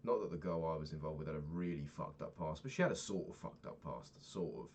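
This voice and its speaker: Low-voiced young man rambling. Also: expressive, fast talker, darkish tone, a little hiss or hum. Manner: rambling, candid, swears freely. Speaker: vlogger. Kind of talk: casual diary vlog.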